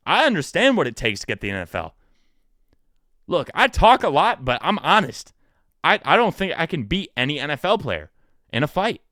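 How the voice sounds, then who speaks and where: The solo sports podcast host here is a man in his twenties, heard at studio quality with no room sound. He jokes and chats informally, animated in manner, pushing his pitch up and down to emphasize.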